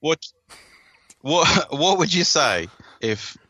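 A man's voice: a little high, very animated, takes it slowly, pushed and bright, no echo. A man hosting a casual science podcast, enthusiastic, laughing often as he rambles through paper details. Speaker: podcast host.

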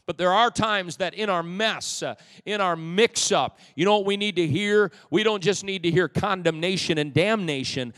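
A male pastor preaching a sermon in a church, building to loud, fervent peaks and dropping in humorous asides to the congregation. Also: high-pitched, normal speed, hardly any pauses. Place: church sanctuary. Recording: long reverb of a church hall.

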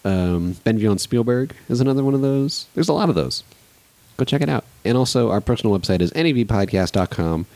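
A young man hosting a casual podcast, running the segments in a brisk plug-reading manner. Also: lowish voice, lively intonation, darkish tone, no echo. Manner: brisk, promotional, runs the show. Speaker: podcast host.

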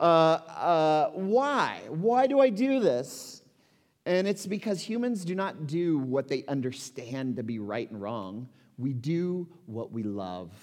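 A man's voice: a little high, darkish tone. A man in his forties preaching a sermon, conversational and emphatic, asking rhetorical questions. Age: 40s. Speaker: pastor. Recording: long reverb of a large hall.

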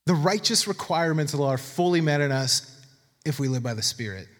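Earnest high-voiced preacher man. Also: fairly quick, long reverb tail. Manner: earnest, animated, emphatic scripture reading. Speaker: pastor. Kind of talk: sermon.

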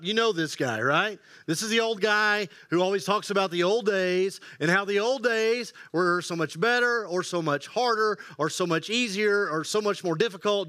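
A man's voice: high voice, sharp tone, no echo, clean studio sound. A male pastor preaching a conversational sermon, often asking his listeners questions. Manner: conversational, asks the audience questions.

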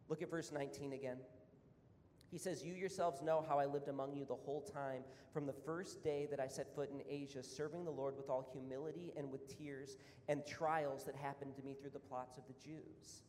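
A man preaching to his church in a high, fairly light voice. He talks like a friend at first and then builds into fervent, emphatic passages. The sound carries a long hall reverb with a faint rumble underneath. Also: moderate pace, darkish tone. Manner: conversational, rising to fervent emphasis. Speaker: pastor. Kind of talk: sermon.

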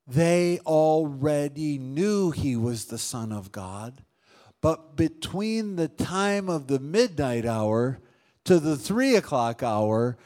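A man preaching a sermon, swinging between loud emphatic lines and hushed ones and calling out to the congregation. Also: on the high side. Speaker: pastor.

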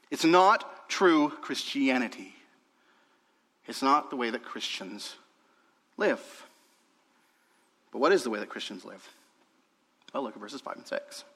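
A man preaching a sermon as pastor, swinging between emphatic raised passages and quiet, hushed stretches. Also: medium pitch, lively intonation, moderate pace, pauses often. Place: church sanctuary. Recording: long hall reverb.

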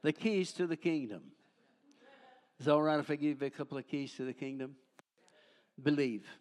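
A man's voice: fairly high pitch, normal speed, a little mellow. An older man preaching a charismatic sermon, fervent and folksy, breaking into frequent hallelujahs and jokes.

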